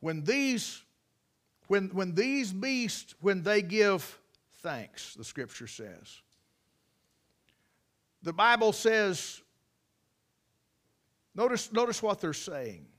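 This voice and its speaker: A man preaching a sermon, folksy and emphatic, with many restarts and loud repeated cries. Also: high voice, big pitch swings, very slow, long pauses.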